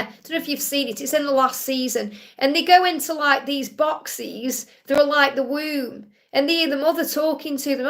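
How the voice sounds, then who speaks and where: A woman's voice: sits high, fairly bright tone. A woman hosting a live card-reading Q&A, chatty and soothing, often checking in with "okay?". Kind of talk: live-stream tarot reading.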